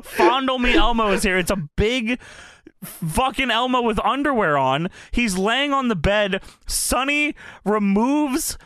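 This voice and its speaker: A man's voice: extremely high pitch, lively intonation, a bit bright, no room sound. A man co-hosting a podcast, recapping a video in a crude, laughing, casual way. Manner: slow, laughing, crude storyteller. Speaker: podcast co-host.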